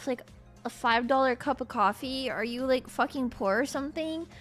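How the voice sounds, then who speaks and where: A woman's voice: sits high, normal speed, a bit bright, soft background music, pitched below the performer's own voice. Sneering barista girl, as a woman puts her on. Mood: mocking. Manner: sneering, taunting. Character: mocking young female coffee barista, cruel.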